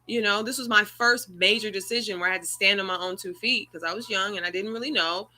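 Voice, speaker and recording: A woman's voice: mid-range voice, quick pace, bright, forceful tone. A woman hosting an online circle, telling a personal story in an earnest, conversational way over a video call. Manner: earnest, conversational, rising emotion. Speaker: circle host.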